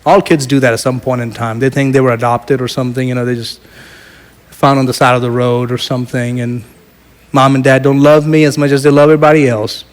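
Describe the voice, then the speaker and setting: A middle-aged man preaching a sermon as pastor, telling a personal story and moving between loud proclamation and quiet asides. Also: medium pitch, level tone, a little fast, smooth.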